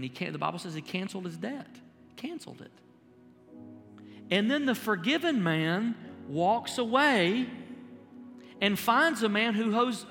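A man preaching a sermon with a high, bright, ringing voice that climbs as he presses his point to the congregation. He is recorded live in a large church hall, with a long reverb and faint music underneath. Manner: preaches with rising intensity, calls out to the congregation. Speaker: pastor.

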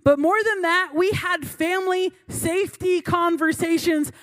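A woman's voice: extremely high pitch, a little slow, a bit bright. A young adult woman giving a sermon through a funny personal story, chatty and self-mocking, laughing between lines. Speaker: preacher.

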